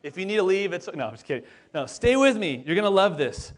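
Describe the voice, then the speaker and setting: A man's voice: sits high, big pitch swings, quick pace. A lead pastor in his forties preaching a casual sermon, chatty and upbeat, talking straight to the congregation with plenty of fillers and asides.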